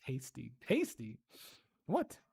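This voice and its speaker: An ASMR livestreamer chatting casually with viewers, soft-spoken, curious and quick to giggle. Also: mid-range voice, wildly swooping pitch, creaky, breathy edge.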